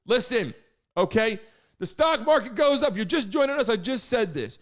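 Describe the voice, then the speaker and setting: A man hosting a live stream, hyping the chat, shouting out viewers and talking loosely with some swearing. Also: extremely high pitch, sing-song, moderate pace. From United States.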